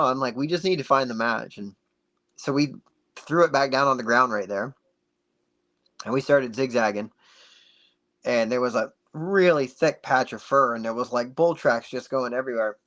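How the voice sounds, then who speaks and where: A man guest on a podcast, telling a story in a casual, animated way and acting out the dialogue. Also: mid-range voice, moderate pace. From United States. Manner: animated, acts out dialogue with many "like"s.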